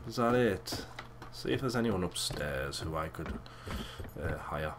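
Low-voiced, foul-mouthed gamer. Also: male voice, unhurried, background noise. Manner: crude, swearing, excitable and joking. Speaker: let's play gamer. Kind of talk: casual gameplay commentary.

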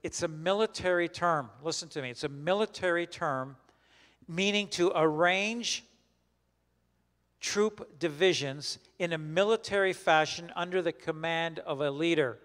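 A man leading a Bible study as a pastor, teaching in a conversational, halting way with many restarts and questions put to the group. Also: on the high side, a bit bright, big-room sound. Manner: questions the group and repeats their answers.

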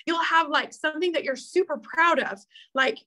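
A woman's voice: high voice, moderate pace, pushed and bright, rough recording. A woman in her thirties giving an emotional, heartfelt pep talk to her team, earnest and open, close to tears at times. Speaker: team leader at an accountability meeting.

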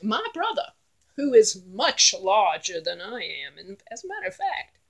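A woman's voice: medium pitch, very animated, normal speed. Woman voicing a sly, sweet-talking billy goat. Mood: wheedling. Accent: Southeastern North Carolina. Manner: smooth-talking, persuasive. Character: crafty, polite male billy goat.

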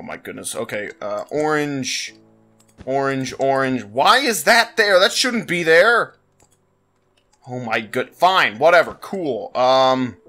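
A man's voice: medium pitch, pushed and bright. A man giving let's-play commentary, exasperated and exclaiming as he struggles, breaking into laughs and sighs. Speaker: gaming channel host.

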